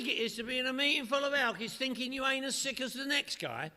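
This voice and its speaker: A man's voice: very high voice, fast talker, bright, forceful tone. A middle-aged man with a London accent giving a humorous recovery talk to a meeting, telling his story with comic repetition. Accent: London English. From northwest London. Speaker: AA speaker. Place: meeting hall. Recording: echoey hall reverb.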